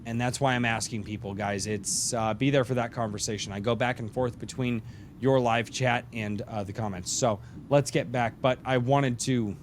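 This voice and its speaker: A man's voice: medium pitch, steady tone, moderate pace, slight background noise. A middle-aged man hosting a podcast, chatting casually in a rambling way and joking while drinking beer, his voice tired. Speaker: podcast host. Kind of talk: casual live-stream chat.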